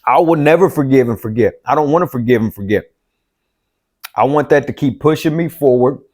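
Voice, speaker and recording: A man's voice: mid-range voice, a little fast, darkish tone. A man, a life coach, gives a motivational self-help talk, blunt and profane and driving each point home by repeating it.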